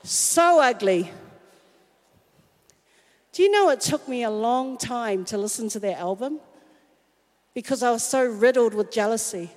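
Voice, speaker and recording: A woman's voice: on the high side, animated, measured pace, long pauses. A woman telling a candid, self-mocking personal story in a sermon. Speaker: speaker at a church talk. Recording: long hall reverb.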